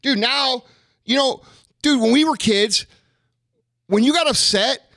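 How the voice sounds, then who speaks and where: A man's voice: very high-pitched, measured pace, bright, forceful tone, no echo, studio quality. A man in his thirties hosting a podcast, ranting in a casual, profane and frustrated way. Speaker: podcast host.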